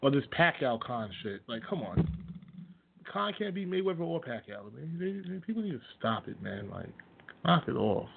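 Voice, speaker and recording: A man's voice: medium pitch, very animated, moderate pace, creaky, slight background noise. A man hosting his own radio show, ranting casually and bluntly about sports with plenty of profanity and scornful laughs. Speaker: host. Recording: tinny phone-like audio.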